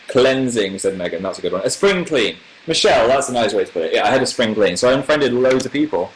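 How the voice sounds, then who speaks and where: A man in his twenties from northern England, chatting casually on a livestream as a YouTuber host and answering viewer comments in a rambling, animated way. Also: medium pitch, fast talker, hardly any pauses, rough recording. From northern England, near Manchester.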